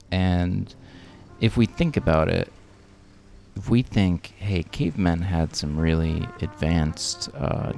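A man co-hosting a casual podcast, calm and agreeable, making slow, thoughtful points. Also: low voice, creaky. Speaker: podcast co-host.

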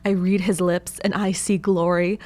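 A woman's voice: lowish voice, little pitch movement, moderate pace, darkish tone. A woman co-hosting a radio show, chatting casually and explaining her song picks at length in a thoughtful way. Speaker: radio co-host.

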